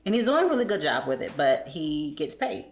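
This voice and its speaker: A woman, a podcast guest, reflecting in a measured way on raising her son alone. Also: low-pitched, big pitch swings, creaky, echoey room. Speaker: podcast guest, single mother. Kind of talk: casual chat.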